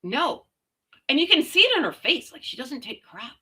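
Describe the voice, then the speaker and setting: A woman's voice: sits high, very animated, moderate pace, sharp tone. A middle-aged woman from Canada, ranting in casual, blunt, sarcastic commentary with slang and mild swearing. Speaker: commentary vlogger.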